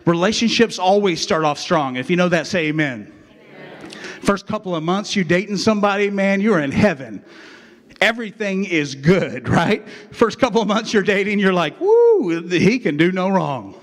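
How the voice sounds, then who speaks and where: A man's voice: sits high, expressive, normal speed, a bit bright. Joking man preaching with call-and-response. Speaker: pastor. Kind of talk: sermon with acted skit.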